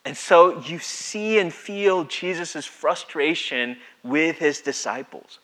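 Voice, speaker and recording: A man's voice: a little high, slow. A man preaching a sermon in a conversational way, reading scripture and acting out the quotes. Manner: conversational, acts out scripture with lively voices. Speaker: pastor.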